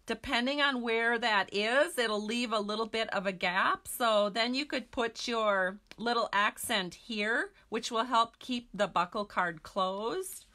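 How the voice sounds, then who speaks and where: A woman's voice: fairly high pitch, unhurried, hardly any pauses, sharp tone. A woman demonstrating a card-making craft, chatting casually with her viewers as she works. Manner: chatty, talks to viewers while working.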